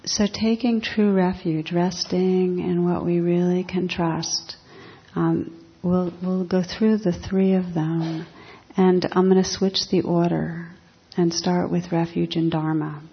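A woman meditation teacher giving a dharma talk in a calm, reflective, unhurried way. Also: lowish voice, breathy edge. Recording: dull lo-fi talk recording.

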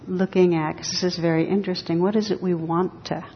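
A woman giving a dharma talk as a meditation teacher, speaking slowly and reflectively with touches of gentle humor. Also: steady tone. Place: hall with a live audience. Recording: reverberant hall, dull sound, faint rumble.

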